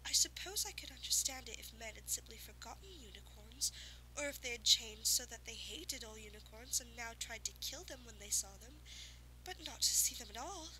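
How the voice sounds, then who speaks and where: A woman reading aloud and voicing a proud, lonely female unicorn with a regal, musing manner that turns shrill when insulted. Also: animated, normal speed, pushed and bright, poor audio. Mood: wondering.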